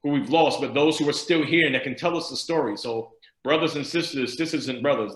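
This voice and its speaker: A man's voice: mid-range voice, fairly bright tone, roomy sound, poor audio. A man from the Bronx, a state senator, giving a rousing, preacher-like speech over a video call. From the Bronx, New York. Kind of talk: speech to a virtual event.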